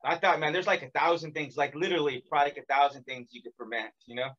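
A man's voice: on the high side, steady tone, very fast, a bit bright, dull audio. A man hosting a podcast over a remote call, rambling casually with lots of "like". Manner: rambling, heavy use of "like". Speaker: podcast host.

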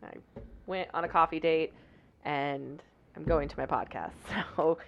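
A woman in her thirties co-hosting a casual podcast, telling animated stories and laughing often. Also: low-pitched, measured pace, vocal fry, lo-fi sound. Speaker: podcast co-host. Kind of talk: casual chat. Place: indoors, on a couch.

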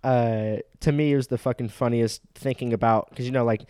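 A young man telling a story in a loose, rambling way, stopping for fillers and restarts. His pitch sits mid-range for a man, and the close mic sounds dry. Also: steady tone, fairly quick, darkish tone, clear, resonant tone, no room sound. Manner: rambling, with many fillers and restarts, laughing between lines. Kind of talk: casual chat.

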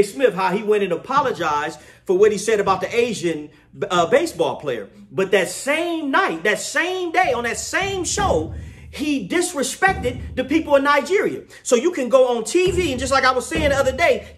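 A man's voice: extremely high pitch, a bit bright. A man giving an impassioned scripture lesson, emphatic, often laughing and asking his listeners to confirm. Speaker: religious teacher.

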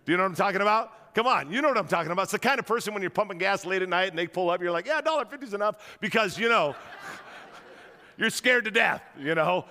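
A man preaching a sermon to a church crowd, telling stories in an animated way and rousing the audience, in a large auditorium. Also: sits high, fast, long reverb tail. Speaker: guest pastor.

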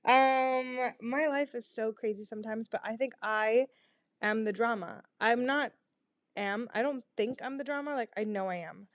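Young woman, podcast host, raised pitch, dry close sound, rambling, self-deprecating, swears, lots of ums. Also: normal speed, no room sound. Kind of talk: casual confessional chat. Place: her bedroom. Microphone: small home microphone.

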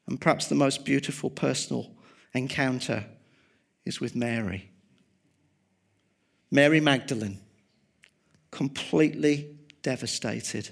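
Slow gravelly preacher. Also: male voice, mid-range voice. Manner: dramatic, swings from loud emphasis to hushed tones. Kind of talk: sermon.

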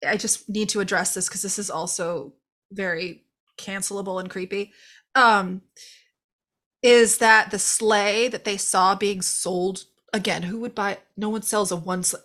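A woman with a mid-range, sharp-toned voice co-hosts a podcast, chatting casually about a movie she's reviewing. She's animated, laughing and swearing as she acts out the characters.

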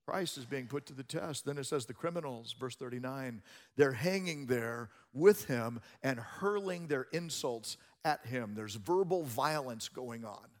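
A man preaching a sermon as a pastor, moving between hushed passages and loud, emphatic ones. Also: medium pitch, animated, a little slow, big-room sound.

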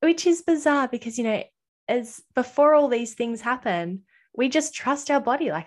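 A woman's voice: fairly high pitch, lively intonation, normal speed. A woman talking earnestly in a podcast conversation, reflective and personal, voicing her past inner thoughts as quotes.

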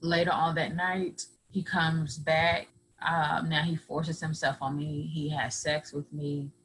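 A woman's voice: deep voice, level tone, takes it slowly, a bit bright, rough recording. Earnest woman telling a personal story. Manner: earnest, acts out others' words in dialogue. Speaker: podcast guest.

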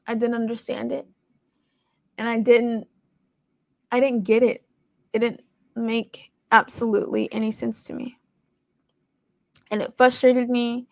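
Young woman host, raspy fry in a slightly high voice, chatty and rambling, dry close sound. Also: no room sound. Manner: conversational, rambling, with many fillers. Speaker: podcast host. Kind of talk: casual faith testimony.

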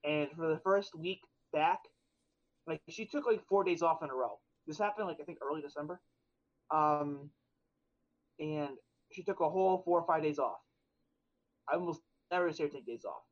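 This young podcast co-host's voice sits on the high side, and he talks at a moderate pace. He rambles through stories in casual conversation, restarting often and using plenty of fillers. The sound is dull and lo-fi.

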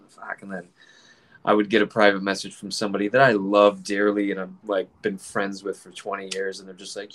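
A man's voice: fairly low pitch, completely flat delivery, a little fast, fairly bright tone. A middle-aged man and comedian chatting casually, rambling with profanity, laughing often and acting out quoted exchanges. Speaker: comedian, group admin. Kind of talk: casual podcast chat.

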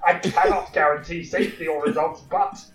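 A man playing a tabletop game, speaking in character with a dry, deadpan manner. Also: on the high side, brisk, recorded from a distance. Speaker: player. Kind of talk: tabletop role-play. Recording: echoey room from off-mic, music behind.

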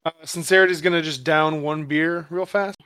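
A man's voice: on the high side, steady tone, moderate pace, bright, forceful tone, smooth, no echo. A man describing his character's actions in a tabletop game, hesitant with fillers. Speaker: player. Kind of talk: casual tabletop play.

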